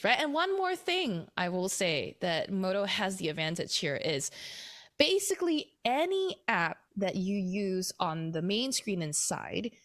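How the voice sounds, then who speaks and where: A woman hosting a tech podcast, talking casually and animatedly with lots of fillers and quick laughs. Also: medium pitch, fairly bright tone. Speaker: podcast host.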